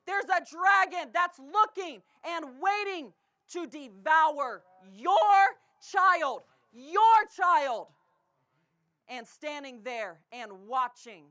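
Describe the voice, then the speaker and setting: A woman with a Canadian accent preaches in a church, her voice very high and bright. She swings from fervent, shouted declarations down to hushed, low passages, pressing every point with conviction. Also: expressive, drawn-out words. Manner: impassioned preaching, often shouting, then dropping to a hush. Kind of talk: sermon. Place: church sanctuary.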